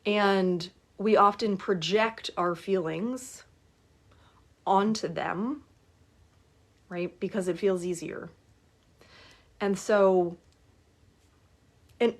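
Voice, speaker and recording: A woman in her forties talking casually to her viewers as a life coach. She is chatty and keeps asking for agreement as she goes. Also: medium pitch. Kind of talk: casual live talk to viewers.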